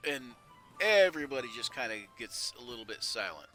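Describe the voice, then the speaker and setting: A man narrating a tabletop game as game master, talking in halting bursts with many restarts. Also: mid-range voice, sing-song, music in the background.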